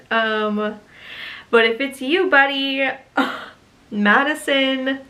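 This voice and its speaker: A woman running a small business, chatting casually in a vlog, gushing and excitable with lots of fillers, teary and emotional. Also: high voice, low-quality recording. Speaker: small business owner vlogging.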